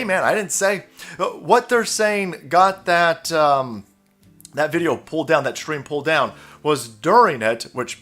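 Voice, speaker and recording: Sarcastic, animated man ranting. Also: a little high. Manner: sarcastic, mocking, swears a lot, mimics people in exaggerated voices; fast, animated, laughing between lines. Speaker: commentary channel host. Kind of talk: ranting political commentary.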